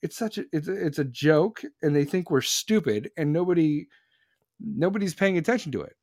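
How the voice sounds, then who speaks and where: A man in his forties holds forth on a casual podcast, his voice sitting somewhat high. He rambles and gets worked up, tripping over restarts as he pushes his points. The sound is close and dry. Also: lively intonation, moderate pace, darkish tone, no room sound. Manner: fired-up rambling rant, many restarts. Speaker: podcast host.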